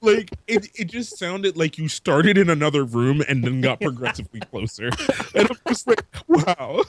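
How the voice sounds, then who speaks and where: A man's voice: a little high, lively intonation, normal speed, a little hiss or hum. A man hosting a podcast, telling a story in casual, profane chat with frequent laughs. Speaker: podcast host.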